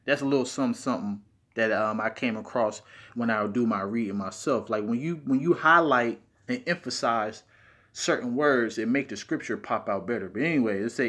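A man's voice: medium pitch, a little fast, a bit bright. A man with a speech impediment teaching from scripture in a video, stressing key words as he reads verses aloud. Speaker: Bible teacher.

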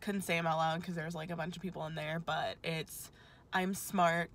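Low and level, the young woman's voice carries her emotional, rambling vlog chat outside a testing center. She has just finished an exam and keeps breaking into quick asides.

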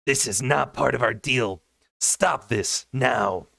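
A man doing a furious high lord. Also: very slow, vocal fry, a bit bright, no room sound, studio quality, full character voice. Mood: angry. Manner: angry, demanding.

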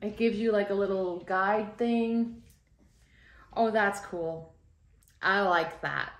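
A woman's voice: mid-range voice, takes it slowly. A Canadian woman in her thirties chatting casually in a home vlog, rambling and laughing often. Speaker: vlogger, mom. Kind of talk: casual weekly vlog chat.

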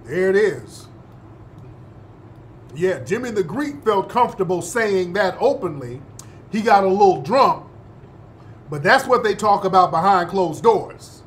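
A man's voice: high voice, lively intonation, unhurried, pauses often, slight background noise. A man hosting a talk show, delivering an emphatic monologue and often checking in with listeners. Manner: emphatic, repeats points and asks listeners "yeah?". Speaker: host.

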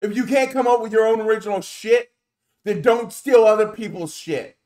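A male VTuber streamer delivering an angry rant on a livestream, slow and emphatic, cursing and calling someone out by name. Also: high-pitched, warm tone.

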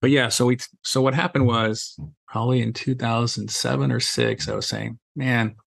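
A man's voice: medium pitch, steady tone, moderate pace, creaky, no echo. A middle-aged man, a guest on a podcast, telling stories casually and acting out bits of dialogue, with lots of "you know" fillers. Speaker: podcast guest, safety trainer. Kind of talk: casual conversational storytelling.

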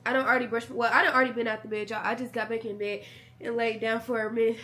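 A young woman talks casually to her viewers from bed, sick with a sore throat and a blocked nose. Her voice sits a little high, and she keeps calling her viewers y'all. It is picked up by her camera at home. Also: little pitch movement, fast, pushed and bright. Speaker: vlogger. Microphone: camera mic.

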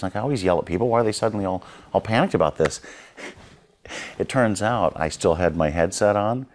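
A man, a creature effects artist, recalling a film shoot in a documentary interview, animated and laughing at himself as he acts out what people said. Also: sits low, fast.

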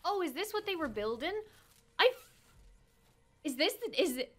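A woman reacting to a show as she watches, excitable and swearing freely, with laughs and gasps. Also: high-pitched, moderate pace, long pauses. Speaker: reaction streamer. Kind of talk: live reaction commentary.

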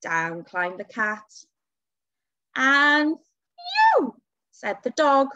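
A woman reading a children's storybook aloud for a school, dramatic and expressive, with whispers and gasps. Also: fairly high pitch, drawn-out words, highs cut off.

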